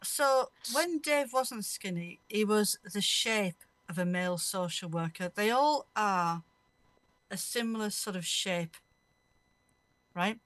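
A woman's voice: medium pitch, slow pace, a bit bright, no room sound. A woman hosting a radio show, chatting casually and telling rambling anecdotes, often laughing mid-story. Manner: rambling, anecdotal, laughs through her stories. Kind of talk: casual chat.

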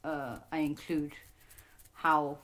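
A woman's voice: sits low, level tone, slow, a bit bright. A woman in casual chat, rambling with many restarts and fillers.

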